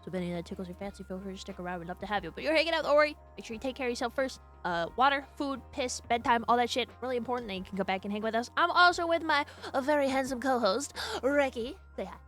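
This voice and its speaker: A woman's voice: a little high, expressive, racing, few pauses, a bit bright, soft background music. A young woman with a Midwestern American accent hosting a live stream. She chats casually, giggles often and swears offhandedly. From USA. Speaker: streamer host.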